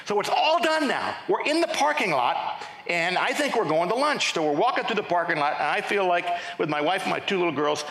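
A middle-aged male pastor telling his testimony in a lively sermon, often restarting his sentences. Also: sits high, brisk, hardly any pauses. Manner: animated storytelling with repeated restarts. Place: large church sanctuary. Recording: echoey church hall.

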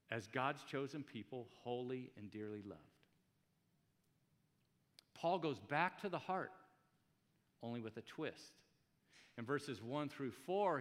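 A man preaching a conversational sermon at a middle pitch, full of asides and rhetorical questions. His voice rings out with a long reverb tail from a large church hall. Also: fairly bright tone. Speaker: pastor.

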